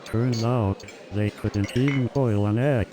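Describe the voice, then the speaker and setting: A synthetic male voice delivering a stand-up comedy routine in a steady joke-telling cadence with stock setups. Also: mid-range voice, takes it slowly, a crowd in the background. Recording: loud music and laugh track behind. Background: loud music and audience laughter.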